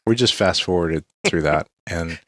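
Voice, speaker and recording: A man with a very low voice explains gadgets in an easygoing, matter-of-fact way while co-hosting a casual tech chat. He is recorded close and dry, with no room echo. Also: normal speed. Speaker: tech reviewer co-host.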